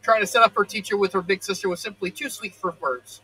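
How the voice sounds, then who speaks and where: A man's voice: sits high, fairly even intonation, quick pace, pushed and bright, breathy edge, rough recording. A man in his thirties reading fan fiction aloud, often stumbling, correcting himself and breaking into joking asides. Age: 30s.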